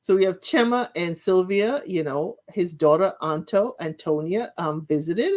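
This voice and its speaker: A woman's voice: fairly low pitch, unhurried, darkish tone. A woman hosting her own channel, chatting casually as she recaps reality show episodes and retells the scenes in her own words.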